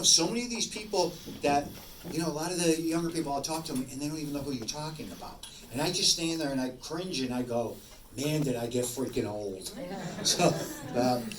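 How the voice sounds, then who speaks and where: A man in his sixties, a paranormal investigator, telling rambling stories to an audience and acting out both sides of conversations. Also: mid-range voice. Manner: rambling, animated, acts out both sides of dialogue. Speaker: paranormal investigator giving a talk. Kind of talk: casual storytelling talk to an audience. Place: room with an audience. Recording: echoey room, distant mic, faint noise.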